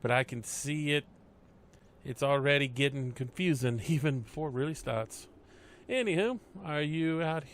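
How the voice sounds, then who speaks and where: A man's voice: fairly high pitch, moderate pace, natural voice. A man doing a wry streetwise gatekeeper. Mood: welcoming. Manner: slangy, sardonic. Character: gruff male compound gatekeeper, wry and streetwise.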